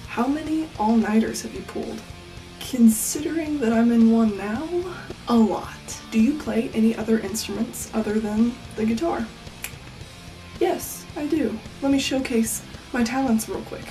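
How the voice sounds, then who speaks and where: An eighteen-year-old woman talks through a casual home vlog at night, deadpan and self-mocking, sometimes sinking to a whisper. Her voice sits a bit high and mellow. She sounds a little far from the microphone, with faint music playing underneath. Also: moderate pace. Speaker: vlogger.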